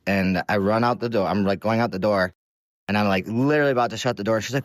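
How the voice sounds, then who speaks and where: A man's voice: fairly low pitch, brisk, no room sound. A man telling a personal story in a casual, rambling way, with many fillers.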